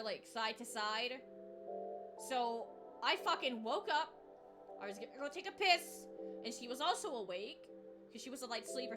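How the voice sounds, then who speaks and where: A high-pitched young woman chats casually on a stream. She rambles and swears through her stories, breaking into laughs, with clear music playing behind her. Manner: profane, rambling, laughs often. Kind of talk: casual chat storytelling.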